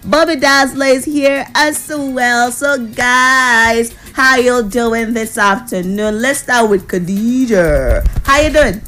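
Lively Nigerian woman radio host. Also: a little high, takes it slowly, few pauses. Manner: lively, teasing banter. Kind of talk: radio show hosting. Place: radio studio.

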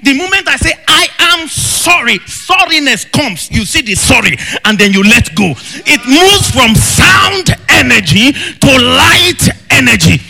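A man preaching a fervent sermon, shouting in bursts and breaking into tongues. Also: very high-pitched, big pitch swings, a little slow, vocal fry, husky. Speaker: pastor. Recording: long reverb with faint music.

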